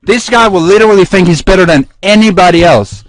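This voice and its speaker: A man's voice: high-pitched, fairly quick. A man in a heated live-stream argument, ranting angrily in a repetitive, cursing way from his bed in a trailer. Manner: angry, repetitive, cursing rant. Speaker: livestreamer.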